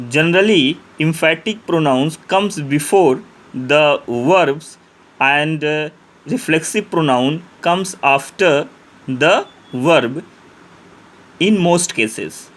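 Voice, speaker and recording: Male teacher, Indian English accent, slightly high voice, deliberate pace, patient step-by-step grammar explanations. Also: a bit bright. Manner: slow, methodical explaining with repeated examples. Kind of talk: grammar lesson.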